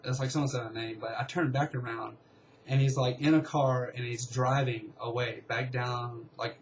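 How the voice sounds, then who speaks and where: A young man casually telling a long story, rambling and excitable, with lots of fillers. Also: medium pitch, moderate pace, dull audio, slight background noise. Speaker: vlogger.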